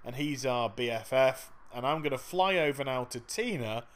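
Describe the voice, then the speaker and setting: A man's voice: mid-range voice, expressive, normal speed. A man giving chatty, sarcastic commentary over a game walkthrough. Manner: chatty and sarcastic, with frequent laughs. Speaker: gaming video host.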